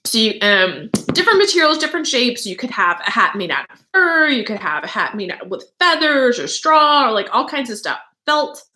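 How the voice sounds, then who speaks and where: A woman's voice: a little high, very animated, moderate pace, few pauses, sharp tone. A young adult woman teacher reading a story aloud and stopping to explain words in a chatty way, with many fillers and asides.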